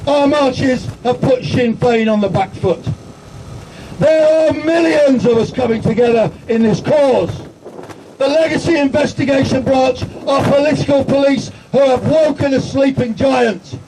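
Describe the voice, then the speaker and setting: A man's voice: very high voice, a little slow. A man giving a rousing, defiant speech at an outdoor protest rally. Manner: shouting slogans, rousing and defiant. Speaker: protest speaker. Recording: crowd noise, distant outdoor mic. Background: crowd.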